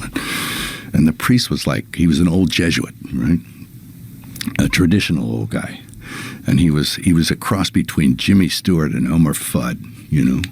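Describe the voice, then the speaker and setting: Gravelly, low-voiced man. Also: normal speed. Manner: animated anecdote-telling, acting out quotes. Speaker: guest. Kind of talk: casual conversation.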